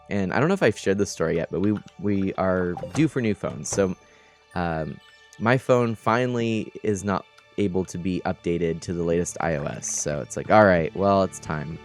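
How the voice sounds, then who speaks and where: A tired man casually chatting on a gaming stream, telling stories in a rambling, animated way and laughing often. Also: sits low. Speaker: streamer and game host.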